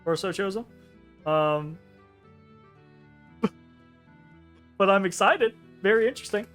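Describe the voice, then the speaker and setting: A man narrating as game master of a tabletop game, rambling and correcting himself with quick laughs. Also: high voice, fairly bright tone, soft background music. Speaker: dungeon master.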